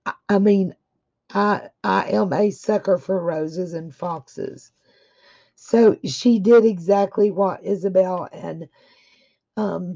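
Woman crafter gushing over a package, slow talker, gravelly husky voice, kinda muffled lo-fi sound. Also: on the low side, mellow. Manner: gushing, exclamatory, addresses viewers as guys. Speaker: craft vlogger opening a swap package. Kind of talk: casual unboxing chat. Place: home craft desk.

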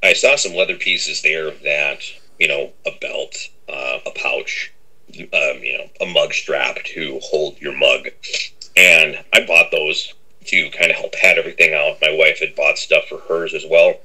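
A middle-aged man with a very low, deep voice talks through an interview in a loose, rambling way. His tone is bright and forward. He fills the gaps with ums and keeps circling back to the same stock phrase. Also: fairly even intonation, measured pace, breathy edge, low-quality recording. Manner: rambling, with many fillers and a habit of repeating "on that end". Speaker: interview guest. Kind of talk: casual interview talk.

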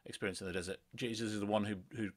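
A man with a fairly low voice reflects on a Bible story in casual conversation. He often hesitates with "um" and "I think" and agrees readily with his co-host. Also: fairly even intonation, very fast. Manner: reflective, with fillers and agreeing interjections. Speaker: podcast co-host. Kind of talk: casual discussion of a Bible passage.

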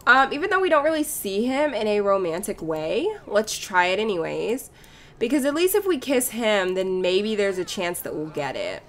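A young woman chatting and giggling through casual game commentary, reacting loudly to what happens on screen. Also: medium pitch. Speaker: let's play gamer.

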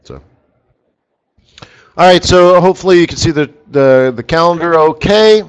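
A man's voice: on the high side, moderate pace, clear, resonant tone. Chatty man rambling on a live trading stream. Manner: chatty, rambling storyteller who laughs at his own jokes. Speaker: forex market strategist hosting a live session. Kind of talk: casual live-stream commentary.

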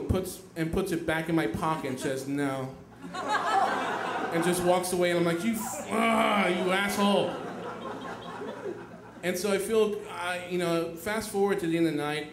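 A young man telling a personal story on stage, animated, swearing and acting out his own outbursts. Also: a little high, background noise. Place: theater stage. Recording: echoey stage with faint audience ambience.

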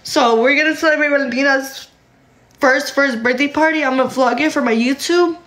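A woman's voice: high voice, fairly quick, fairly bright tone. A young woman crying as she vents on her phone livestream. She rambles, fills her talk with "like," and keeps restarting her sentences. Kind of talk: emotional venting on a livestream.

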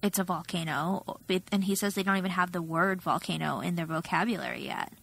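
A woman co-hosting a podcast in casual chat, measured and explanatory, laughing easily. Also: on the low side, creaky, a bit bright, low-quality recording. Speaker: podcast co-host.

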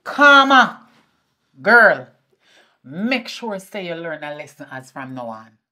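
A woman with a Jamaican accent playing a fierce mother who scolds her daughter, swinging between shouting and muttering. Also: on the low side, very animated, takes it slowly, exaggerated voice. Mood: scolding. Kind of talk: indie film acting.

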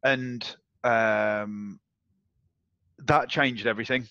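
A man being interviewed, telling a personal story in a casual, animated way and acting out the voices of others. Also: mid-range voice, extremely slow, no room sound. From England. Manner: animated, acts out quoted voices, swears and laughs. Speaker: interview guest. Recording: dull, dry audio.

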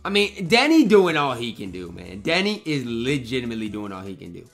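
A man's voice: medium pitch, huge pitch swings, a little fast, creaky, fairly bright tone, soft background music. A young man, commenting live on his own basketball video game match, slangy and frustrated, trash-talking his teammates and opponent. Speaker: gaming YouTuber.

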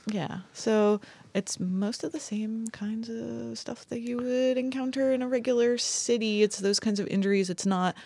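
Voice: mid-range voice, steady tone, gravelly, warm tone, no echo. A podcast panelist chatting casually, stumbling over words and filling gaps with "like" and "uh". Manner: halting, filler-heavy, matter-of-fact.

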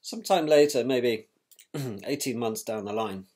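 A middle-aged man, recalling a painful family event in a measured, reflective way with pauses and restarts. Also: medium pitch, darkish tone. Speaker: interviewee, victim's brother. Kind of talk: personal recollection.

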